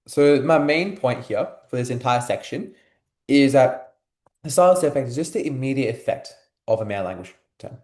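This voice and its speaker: A man's voice: mid-range voice, darkish tone, echoey room. A young man tutoring a class in a casual, filler-heavy way, asking his students questions. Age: young adult. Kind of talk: live online class teaching.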